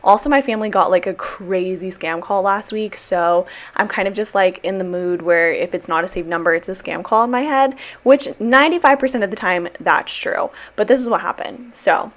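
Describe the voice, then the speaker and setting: A woman's voice: medium pitch, moderate pace, hardly any pauses. A young woman giving a casual, chatty voiceover about her planner, bubbly and rambling, with slang and the odd swear word. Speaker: planner vlogger and sticker shop owner.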